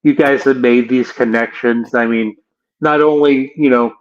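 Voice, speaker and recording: A man hosting a casual interview, who talks in a halting way with frequent restarts. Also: mid-range voice, fairly even intonation, lo-fi sound. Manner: halting, many fillers and restarts. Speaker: interview host.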